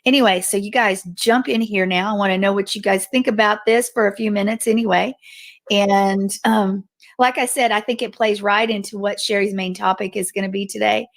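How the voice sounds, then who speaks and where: A woman's voice: mid-range voice, steady tone, moderate pace. A woman hosting a Christian talk show, casually handing the floor to her co-hosts. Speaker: host.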